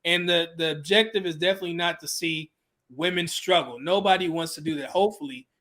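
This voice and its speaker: A man with a high, bright voice tells a candid personal story as an interview guest. He talks casually and loosely, with plenty of filler words and the odd curse word. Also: brisk. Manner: casual, with frequent "you know" fillers and swearing.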